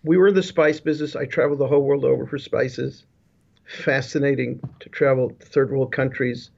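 This interview guest, a business leadership consultant, talks briskly about his life over a remote video call. His medium-pitched voice is steady, creaky and darkish, and he rambles with frequent restarts and asides. The call sound is dull and lo-fi.

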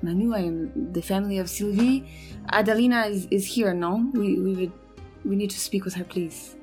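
A woman's voice: medium pitch, normal speed, darkish tone, natural voice. Lady playing a gushing frenchwoman with a put-on french accent, music faintly under. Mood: effusive. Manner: dramatic, effusive. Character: warm effusive young Frenchwoman.

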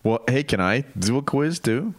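A man's voice: medium pitch, lively intonation, moderate pace, no echo, studio quality. A man in his fifties co-hosting a casual comedy podcast, easygoing and wry in his reactions. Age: 50s. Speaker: podcast co-host and former radio producer.

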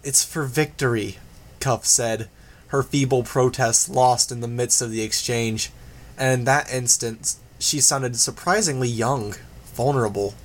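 A man reading a novel aloud as an audiobook, steady and measured. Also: mid-range voice. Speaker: audiobook reader. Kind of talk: scripted narration.

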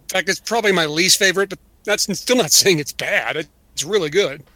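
A man's voice: sits high, brisk, pushed and bright, dry recording. A man co-hosting a podcast, chatting casually and acting out quotes in mock voices. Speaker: podcast co-host. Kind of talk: casual chat.

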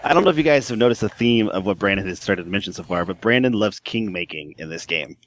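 A man's voice: lowish voice, expressive, quick pace. A man co-hosting a gaming podcast, talking enthusiastically with many fillers. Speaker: podcast co-host. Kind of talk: casual gaming chat.

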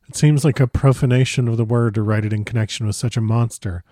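A man reading a first-person diary aloud as a dramatic audiobook narrator, measured and grave. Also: mid-range voice, dark tone, dry recording, clean studio sound.

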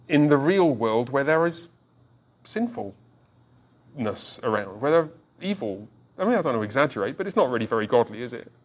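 A pastor in his forties preaches with a mid-range voice. He tells his story with self-deprecating humor and often stumbles and restarts his words. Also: mid-range voice. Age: 40s. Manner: halting restarts, repeats words. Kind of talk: sermon.

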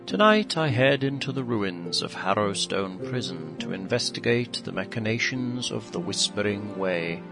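A man's voice: fairly low pitch, expressive, normal speed, gravelly, few pauses. A man voicing an elderly professor who hunts necromancers, in a grave in-character monologue over a music bed.

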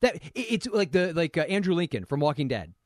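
A playful man trading quips on a podcast. His voice sits a touch high and swings widely as he jokes. The sound is close and dry. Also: sing-song, no echo. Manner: joking, teasing, quick to laugh. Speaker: podcast co-host. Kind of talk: casual podcast banter.

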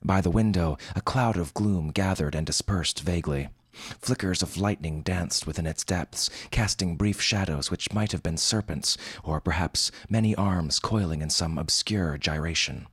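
A man's voice: low voice, normal speed, a bit bright, breathy edge, no room sound. A man narrating a humorous fantasy story in a wry, formal storytelling manner. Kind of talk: scripted fiction narration.

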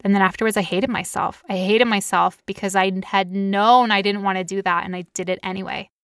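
A woman in her thirties speaks candidly about her own past, leaning on casual "like" fillers as she co-hosts a podcast. Her voice sits at a middle pitch and the recording is dry and close, with no room sound. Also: fairly even intonation, fairly quick, a bit bright, clear, resonant tone, no echo. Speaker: podcast co-host. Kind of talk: personal storytelling in casual chat.

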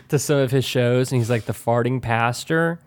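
Regular-pitched guy chatting, blunt, swears a lot. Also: moderate pace. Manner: blunt, profane. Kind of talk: casual chat.

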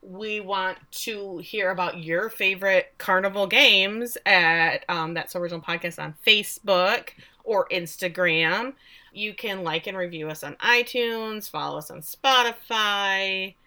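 A woman's voice: medium pitch, unhurried, bright, forceful tone. A woman co-hosting a casual podcast, reading out contact details and chatting in an easygoing way. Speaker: podcast co-host.

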